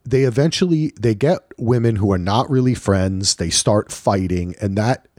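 A podcast co-host with a low voice keeps the casual chat relaxed and lively, acting out quick back-and-forth exchanges. The recording is dry, with no room sound or echo.

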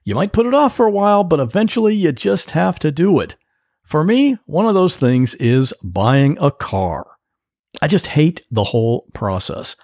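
A man hosts a solo podcast in a relaxed, plain-spoken, folksy manner. His voice is gravelly and a bit high, and his pitch swings widely as he talks. The close mic picks up very little room sound. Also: moderate pace, no room sound. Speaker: podcast host, computer repair tech. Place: home office.

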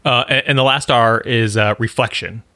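A man with a bright, forward voice hosts an interview, recorded dry and close. He asks questions and sums up his guest's points, often restarting his sentences as he goes. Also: mid-range voice, fairly even intonation, normal speed, dry recording. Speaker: podcast host.

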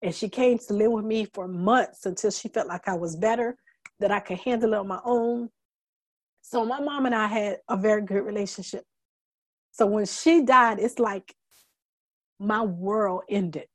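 A middle-aged woman as a guest, telling her story candidly in an earnest, halting way, holding back tears. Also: mid-range voice, no echo. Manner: earnest, halting, many fillers and restarts; emotional, fighting back tears. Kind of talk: candid conversational testimony.

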